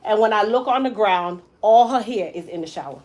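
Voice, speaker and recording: A woman's voice: medium pitch, a little fast, rough recording. A young adult woman, a hairstylist, telling an emotional personal story and acting out the voices she quotes. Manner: animated, acts out quoted voices. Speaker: hairstylist and salon owner.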